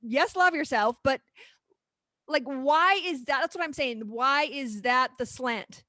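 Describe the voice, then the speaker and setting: A woman co-hosting a podcast, pressing her points with animated emphasis and frequent laughs. Her voice is high, and the recording is dry and close with no room echo. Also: a little slow. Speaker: podcast co-host. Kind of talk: casual chat.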